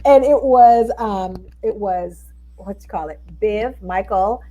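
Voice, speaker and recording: A middle-aged woman, a guest telling stories in a casual interview chat, animated and acting out the people she quotes. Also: mid-range voice, slow pace, poor audio. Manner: animated storyteller, acts out quotes.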